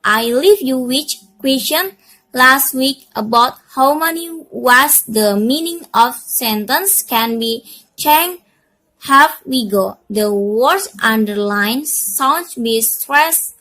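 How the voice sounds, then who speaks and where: Young woman, student presenter, high-ish voice, slow, halting delivery full of fillers and restarts. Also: bright, forceful tone. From Indonesia. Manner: halting, with fillers and self-corrections. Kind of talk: reading a class presentation.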